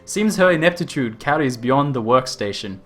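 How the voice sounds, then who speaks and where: A man's voice: medium pitch, animated, moderate pace, soft background music, lightly acted. A man voicing an eccentric, reckless male scientist-inventor in an over-the-top Australian stereotype accent, reading game dialogue with a cackle. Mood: excited fussing. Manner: exaggerated, cackling quest-text reading.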